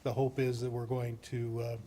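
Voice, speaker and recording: A man, a judge, giving a formal presentation to a city council, speaking in a measured way with frequent restarts. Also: mid-range voice, completely flat delivery, dark tone, slight background noise. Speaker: municipal court judge. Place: council chamber.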